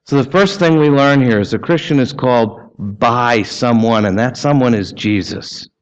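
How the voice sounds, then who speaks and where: A man's voice: mid-range voice, normal speed, clean tone. A man, preaching a sermon in a conversational way, asking the congregation questions and adding casual asides. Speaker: pastor. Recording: dull lo-fi sermon recording.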